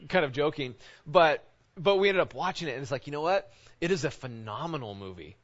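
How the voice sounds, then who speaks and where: A man's voice: a little high, expressive. Man preaching casually, lo-fi sound. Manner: informal, halting, often asks "right?". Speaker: pastor. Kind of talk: conversational sermon. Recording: dull lo-fi recording.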